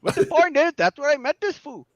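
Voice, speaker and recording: A man's voice: very high voice, sing-song, fairly quick, dry recording, rough recording. A man in casual chat who teases his partner in joking banter over an online call.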